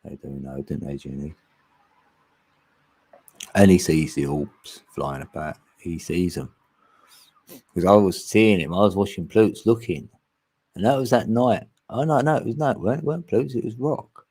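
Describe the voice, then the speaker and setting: A chatty man hosting a casual livestream, wandering from thought to thought and laughing as he goes. His voice sits very low and mellow, with a husky edge. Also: moderate pace, long pauses, no echo. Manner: rambling, chatty, laughs often. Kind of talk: casual chat.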